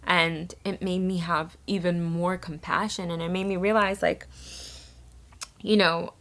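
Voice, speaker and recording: A woman from the Bronx, speaking as a vlogger in a soft, halting way that searches for words while she tells a personal story. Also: on the low side, level tone. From the Bronx, New York. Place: eco-village in a jungle.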